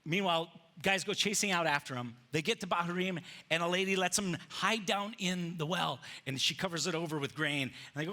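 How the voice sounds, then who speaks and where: Preaching in a church sanctuary with slides, a pastor delivers his sermon in a high-pitched, bright, forceful voice, a little above the usual male range. He talks a little fast with few pauses, telling stories in a lively, casual way, slipping into characters' voices and using modern slang.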